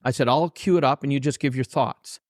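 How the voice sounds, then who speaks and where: In clean studio sound with a dry recording, a Canadian man who works as an author and trainer tells heartfelt stories on an interview podcast. His pace is fairly quick, his pitch medium, and he performs the dialogue of the people involved, his own words included.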